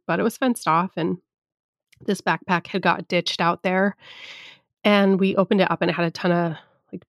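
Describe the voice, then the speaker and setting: A woman's voice: lowish voice, dry recording, studio quality. A woman hosting a podcast, telling personal stories in a chatty, candid way with casual swearing. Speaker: podcast host. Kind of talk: casual storytelling monologue.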